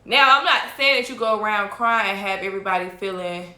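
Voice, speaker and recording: A woman's voice: mid-range voice, brisk, pushed and bright. A woman guest in a casual chat, giving emphatic advice. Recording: roomy echo.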